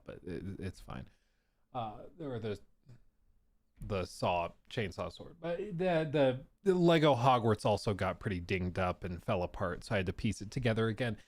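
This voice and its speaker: A man's voice: lowish voice, lively intonation, normal speed. A man hosting a casual gaming livestream from his home streaming room, rambling, stumbling over his words and laughing at himself. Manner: rambling and giggly, with stumbles and self-deprecating laughs. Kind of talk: casual live-stream chat.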